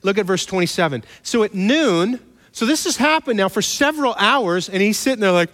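A man preaches, retelling scripture with animated storytelling, joking asides and quick mock voices. His voice sits fairly high, and a long hall reverb trails behind his words. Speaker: pastor. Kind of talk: sermon.

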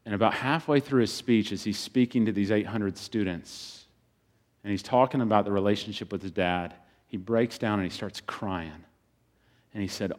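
A man preaching a sermon as a pastor, swinging between loud bursts and quiet, hushed passages. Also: fairly low pitch, normal speed.

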